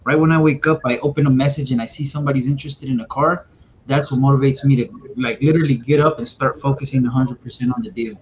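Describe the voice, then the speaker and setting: A man's voice: fairly even intonation, fast. A man being interviewed as a car salesman, talking in a laid-back way with lots of "like" and "man". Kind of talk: casual interview talk. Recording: dull lo-fi sound with faint rumble.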